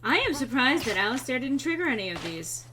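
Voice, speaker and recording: A woman's voice: high voice, big pitch swings, fairly quick, bright, forceful tone. Woman streamer, chatty gameplay commentary, blunt and casual, light background hum. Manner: chatty, reacts and reads chat aloud, frank and swearing.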